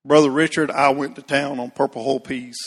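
A man's voice: mid-range voice, level tone, brisk, in a large hall. A man preaching a folksy storytelling sermon, calling out congregation members by name. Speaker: Baptist pastor.

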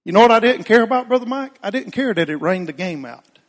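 A man preaches in an easygoing, storytelling way, turning to name people in the pews as he goes. His voice sits a bit high and rings out with a long echo through the sanctuary. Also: expressive, fast. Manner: folksy, addresses congregation members by name. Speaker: Baptist pastor. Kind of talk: storytelling sermon.

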